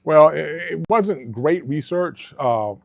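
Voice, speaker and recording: A man's voice: fairly high pitch, animated, slow, gravelly, no room sound. A middle-aged man from Alabama, a former police officer, telling stories in a casual interview, earnest and rambling with frequent restarts. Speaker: guest, former police officer and travel agency owner. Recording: dry, tinny phone-like sound.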